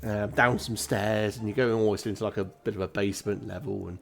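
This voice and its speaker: A man narrating as game master, rambling and pausing to search for words. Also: on the low side, steady tone, vocal fry, a little hiss or hum.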